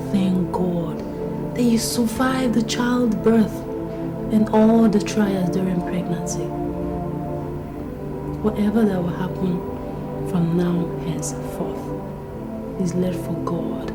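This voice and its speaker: An actress playing a caring woman who soothes and firmly encourages her friend, in film audio under loud music. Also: fairly low pitch, slow, pauses often, echoey room. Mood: firm encouraging. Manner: soothing, then firm and encouraging.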